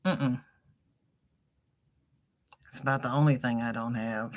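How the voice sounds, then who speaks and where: A woman's voice: very deep voice, steady tone, measured pace. A middle-aged woman hosting a crochet livestream, chatting casually, reading viewers' comments aloud and greeting them by name with laughter.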